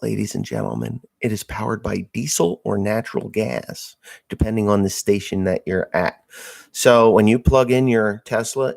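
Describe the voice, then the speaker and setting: Farmer host from Massachusetts, male, slightly low voice, rambling, blunt, crude humor. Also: gravelly, a little mellow. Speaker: farmer hosting a live stream. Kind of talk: casual live-stream chat reading viewer messages.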